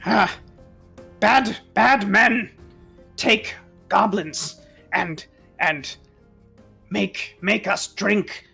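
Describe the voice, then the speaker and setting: A man voicing a small, frightened goblin who talks in halting, broken phrases. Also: high-pitched, vocal fry, sharp tone, husky, heavily acted.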